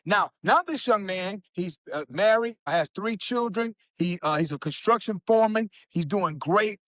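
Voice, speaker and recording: A man, a guest speaker telling stories in an emphatic, animated way on a podcast. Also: sits high, moderate pace, few pauses, dry recording. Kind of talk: storytelling in a podcast interview.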